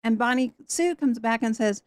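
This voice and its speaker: A woman teaches from the Bible with lively, animated storytelling, slipping into the people she quotes. Her voice sits fairly high. The recording is close and dry, with no room sound. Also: moderate pace, no echo.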